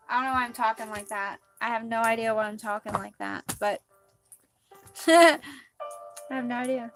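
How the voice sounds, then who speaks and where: High-voiced woman giving a gushing card reading. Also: moderate pace, long pauses, fairly bright tone, faint music behind. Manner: gushing, dreamy, calls herself quirky. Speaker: spiritual card reader. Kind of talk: live card reading stream.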